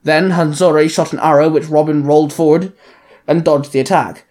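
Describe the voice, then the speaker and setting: A man's voice: fairly high pitch, fairly even intonation, normal speed, a little mellow. A man narrating a superhero fan fiction story in a plain storytelling manner. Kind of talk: reading fan fiction aloud.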